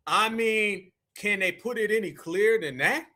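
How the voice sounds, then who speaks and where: A man's voice: sits high, moderate pace, pushed and bright. A man hosting a live stream, giving heated, emphatic commentary and repeating phrases for effect. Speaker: livestream commentator.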